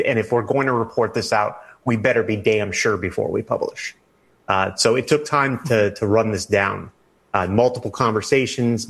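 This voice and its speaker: A man, a national security reporter, answering interview questions in a measured, halting way with many fillers and restarts. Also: lowish voice.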